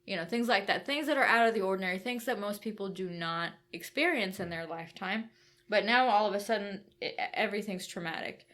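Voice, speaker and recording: A woman's voice: mid-range voice, brisk, a bit bright. Woman explaining ideas step by step. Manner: explanatory, builds points step by step with "right?". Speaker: podcast co-host. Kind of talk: conversational book discussion.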